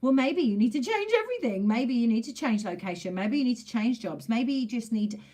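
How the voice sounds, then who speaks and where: A woman's voice: fairly high pitch, animated, a little fast, mellow. A woman gives a casual, chatty tarot reading straight to camera. She talks emphatically, driving her points home by repeating phrases, and she drops in the odd mild swear word. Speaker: tarot reader.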